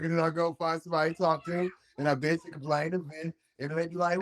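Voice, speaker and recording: Young adult male co-host, higher-pitched, casual and profane, acts out dialogue. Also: fast. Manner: animated, acts out quoted dialogue, swears freely. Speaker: podcast co-host. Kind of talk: casual conversation.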